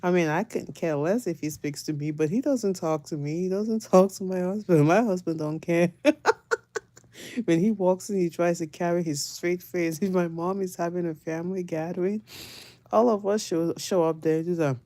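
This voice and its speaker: A middle-aged woman chats through family stories, laughing often and full of gossipy energy. Her voice is fairly low and warm, with a mellow tone. The sound is dry and close. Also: normal speed, no echo. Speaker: family vlogger. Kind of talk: casual storytelling.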